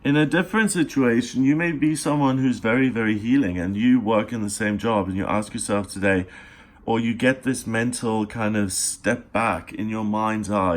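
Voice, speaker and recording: Earnest, encouraging male tarot reader. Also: fairly low pitch. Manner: earnest, encouraging, speaks straight to the listener; unhurried, with pauses and fillers. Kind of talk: daily tarot reading monologue.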